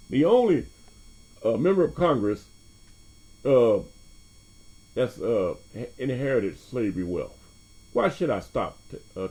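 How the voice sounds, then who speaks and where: A man with a lowish, gravelly, warm voice hosts his own podcast. He delivers a loose, profane casual monologue, laughing often and hopping from topic to topic.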